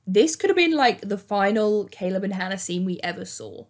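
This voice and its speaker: A young woman hosting a casual, chatty TV recap, acting out quotes in an animated way. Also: mid-range voice, moderate pace. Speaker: YouTube host.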